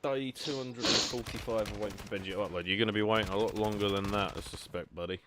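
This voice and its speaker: Young man, very low voice, rambly self-mocking gameplay chat, says um a lot. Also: fairly even intonation, fast talker, very noisy. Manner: rambling, self-deprecating, lots of "um". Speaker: gaming channel host.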